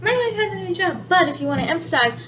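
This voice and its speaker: A woman explaining sign language in a casual video lesson, relaxed and explanatory, sometimes correcting herself. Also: very high-pitched, quick pace. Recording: steady background noise.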